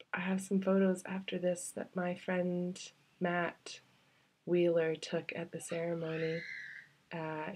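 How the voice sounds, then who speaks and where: A woman's voice: fairly low pitch, a little mellow, slightly rough. A woman vlogger telling a personal story to the camera, heartfelt and confiding, with loose rambling phrasing that sometimes sinks to a near-whisper. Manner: loose, rambling, with many fillers. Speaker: travel vlogger.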